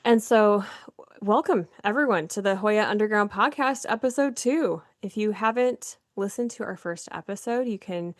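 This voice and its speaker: A woman's voice: mid-range voice, moderate pace, no room sound, clean studio sound. A woman from Nebraska co-hosting a podcast, talking in a chatty, rambling way with frequent giggles. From Nebraska, United States. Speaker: podcast co-host. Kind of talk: casual chat.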